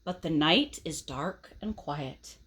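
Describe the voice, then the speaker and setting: A woman reading a picture book aloud to children in an expressive way, pausing to ask the listeners questions. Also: deep voice.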